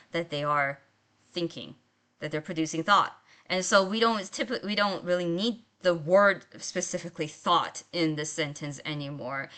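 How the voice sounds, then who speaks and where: A woman's voice: lowish voice, bright, forceful tone, clear, resonant tone. A woman writing instructor giving a recorded lecture in a conversational way, often checking in with her students. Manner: conversational, checks in with "right?" and "okay?".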